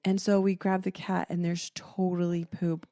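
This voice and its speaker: A woman's voice: lowish voice, moderate pace, no echo, studio quality. A middle-aged woman hosting a podcast, telling a family story in casual chat and acting out the voices of the people in it. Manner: animated, acts out quoted family members. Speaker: podcast co-host.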